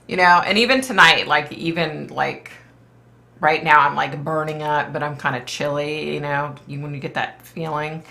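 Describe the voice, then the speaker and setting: A woman's voice: deep voice, big pitch swings, measured pace, creaky, bright, forceful tone. A woman who is a psychic medium, hosting a casual live stream and rambling chattily, full of "like" and "you know.".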